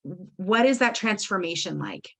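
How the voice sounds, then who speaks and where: A woman's voice: on the low side, animated, normal speed, creaky. A woman podcast host and trauma recovery coach, asking questions and affirming her guest with lots of fillers. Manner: warm, affirming, filler-heavy. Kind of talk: interview questions.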